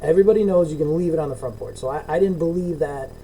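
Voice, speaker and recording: A man's voice: on the high side, fast, dark tone, slight background noise, rough recording. A middle-aged man co-hosting a casual podcast over a video call, ranting and swearing, acting out both sides of his complaints. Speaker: podcast co-host. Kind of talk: casual profane chat.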